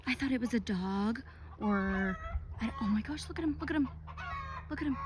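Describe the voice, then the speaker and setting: A woman talking to her channel's viewers, reading a soft guided meditation and later chatting excitedly outdoors near her chickens. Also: sits high, brisk, very noisy. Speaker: tarot reader and channel host.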